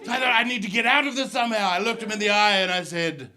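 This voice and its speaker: A man's voice: high voice, very fast, very noisy. A man doing a stand-up set, telling stories and mimicking to build to punchlines. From New Zealand. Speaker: stand-up comedian. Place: comedy club stage. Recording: live club with loud crowd. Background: audience laughter.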